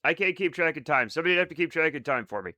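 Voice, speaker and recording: A man with a fairly high, bright voice, chatting to his stream in a rambling, excitable and self-mocking way. His pitch swings widely, and the sound is dry and close. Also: racing, no echo. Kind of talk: casual live-stream chat with viewers.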